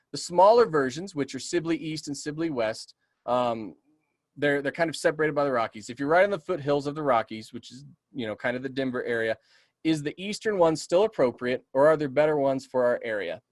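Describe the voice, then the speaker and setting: A man's voice: a little high, no echo, clean studio sound. A man who works as a community naturalist, teaching a casual webinar and answering audience questions with enthusiastic, chatty talk full of ums and okays, his voice a bit tired. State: voice getting tired.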